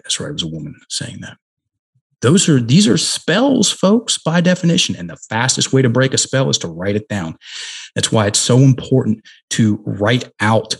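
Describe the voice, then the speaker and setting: Husky low-voiced man telling a story. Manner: emphatic, slows down to stress key words. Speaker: podcast guest, coach. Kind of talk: conversational storytelling. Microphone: headset.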